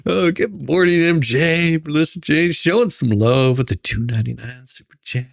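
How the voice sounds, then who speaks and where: A man's voice: on the high side, normal speed, creaky, no echo, studio quality. A man hosting a casual livestream, chatting and greeting viewers by name, laughing often. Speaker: livestream host. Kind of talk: casual live-stream chat.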